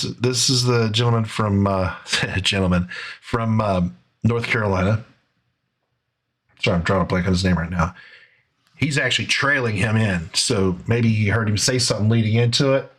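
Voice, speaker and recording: A man's voice: fairly low pitch, normal speed, a bit bright, slightly rough. A man hosting a casual commentary video, talking over footage in a conversational, sarcastic way. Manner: conversational, with fillers and restarts. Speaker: commentary show host.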